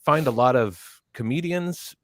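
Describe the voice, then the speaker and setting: A man who is a comedian, chatting as a podcast guest in a joking, animated way. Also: medium pitch, measured pace, dry recording, clean studio sound. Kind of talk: casual chat.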